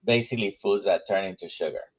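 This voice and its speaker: A man hosting a casual interview, speaking haltingly with many pauses and fillers. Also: low-pitched, breathy edge, muffled recording. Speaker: host.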